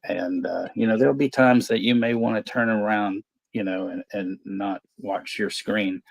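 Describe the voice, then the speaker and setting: A man's voice: lowish voice, fairly even intonation, normal speed, gravelly, no echo. A man hosting a movie watch-party stream, chatting casually and joking with laughs between phrases. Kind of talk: casual livestream chat.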